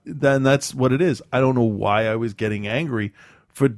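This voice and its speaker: In casual conversation, a man tells rambling, profane stories, halting often with restarts, ums and self-mocking asides. His voice is mid-range, recorded with clean studio sound and no room sound.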